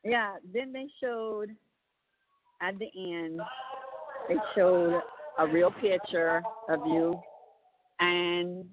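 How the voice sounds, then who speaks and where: A woman's voice: lowish voice, fairly even intonation, drawn-out words, long pauses, crowd noise. A woman chatting on a phone call, retelling things in a rambling way with lots of fillers and restarts. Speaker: family member on a prison phone call. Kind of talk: casual phone chat. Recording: tinny prison phone line.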